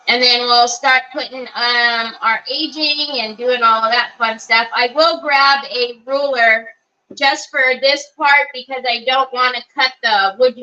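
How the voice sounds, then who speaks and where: A woman's voice: sits high, bright, forceful tone, dull audio. A middle-aged woman hosting a live crafting stream, chatty, greeting viewers by name with many fillers. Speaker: crafting livestream host.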